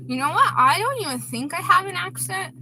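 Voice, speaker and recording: A woman's voice: extremely high pitch, expressive, a little fast, sharp tone, slight background noise. A woman in her twenties chatting casually on a livestream, reading viewer comments aloud and laughing often. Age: 20s.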